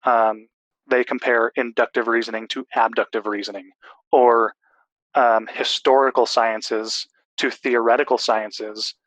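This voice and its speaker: A man's voice: mid-range voice, flat delivery, unhurried, fairly bright tone, no room sound, poor audio. A man in a casual discussion, explaining at length with restarts and fillers.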